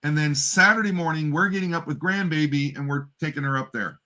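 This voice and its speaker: A man in his fifties, a grandfather, telling stories in a casual livestream chat with quick laughs. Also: on the high side. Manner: animated storyteller, quick laughs. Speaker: co-host.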